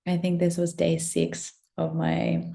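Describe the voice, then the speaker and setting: A young woman telling an emotional personal story to her listeners, swearing a lot and often dropping into soft whispers. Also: fairly low pitch, monotone, unhurried, gravelly. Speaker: spiritual content creator. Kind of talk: confessional storytelling to camera.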